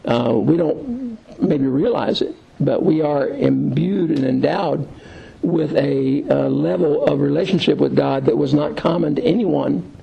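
A man teaching an unscripted Bible lesson, thinking aloud with frequent pauses and restarts, and reading scripture aloud. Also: on the high side, vocal fry, muffled recording. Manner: halting, many fillers and restarts, thinking aloud.

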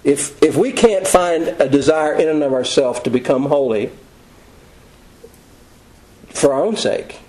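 A man preaching a sermon in a conversational, folksy way, telling stories with quick asides. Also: a little high, a little mellow, low-quality recording.

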